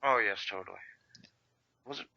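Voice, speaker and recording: A man co-hosting a casual game review chat, excitable and quick to act out what others say. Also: fairly low pitch, gravelly, no room sound, dull audio. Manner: excitable, acts out quotes in a raised voice. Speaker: co-host of a game review discussion.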